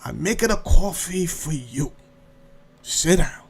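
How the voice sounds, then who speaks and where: A man's voice: very high voice, a little fast, gravelly, fairly bright tone, pitched above the performer's own voice, heavily acted. A man voicing an older Italian immigrant woman who speaks broken English and insists her guest come in and have coffee. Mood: insistent.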